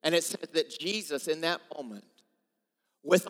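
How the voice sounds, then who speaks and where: A man preaching a sermon as pastor, telling a story with animated acted-out voices, swinging from loud to hushed. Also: a little high, a little slow, long pauses, in a large hall, poor audio. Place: church sanctuary.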